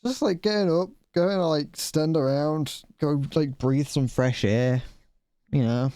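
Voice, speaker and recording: A man's voice: on the high side, measured pace, mellow, smooth, no echo, studio quality. A man streaming a video game live, rambling and restarting his sentences, swearing at the game and a little out of breath. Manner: rambling, stumbles over words, swears. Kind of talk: casual live game commentary.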